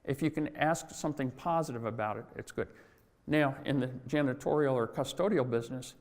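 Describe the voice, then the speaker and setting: A man's voice: medium pitch, darkish tone. Chatty man in a hall. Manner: chatty, self-deprecating, laughs at own jokes. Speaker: speaker at a convention. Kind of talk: conference talk with anecdotes. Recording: long hall reverb.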